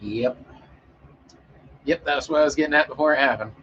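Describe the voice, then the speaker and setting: A man's voice: medium pitch, normal speed, lo-fi sound, a little hiss or hum. A man chatting casually with an audience as a streamer, rambling and joking with frequent swearing and fillers.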